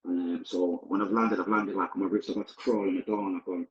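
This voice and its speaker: A man's voice: sits low, level tone, fast talker, reverberant, highs cut off, a little hiss or hum. A man, a podcast guest, recounting his past in a candid, vivid, blunt present-tense way. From Manchester, England. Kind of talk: personal storytelling.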